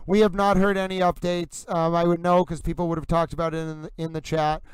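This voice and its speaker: A man hosting a livestream wrap-up, talking fast and theatrically in ornate, grandiose phrases. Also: a little high, little pitch movement, clear, resonant tone, dry recording, low-quality recording. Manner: fast, theatrical, florid wording with grand flourishes. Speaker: livestream host. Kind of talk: animated livestream wrap-up commentary.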